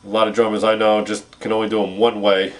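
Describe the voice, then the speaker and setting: A man teaching drum technique, explaining exercises in a calm, plain way. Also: fairly low pitch, fast. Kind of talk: instructional demonstration.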